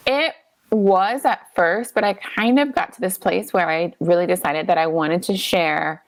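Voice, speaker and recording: A woman in her thirties, a guest from the United States, chatting at home over a laptop video call in an animated way, full of "like". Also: fairly low pitch, unhurried, no echo. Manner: chatty and animated, many fillers like "like". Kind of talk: casual interview chat.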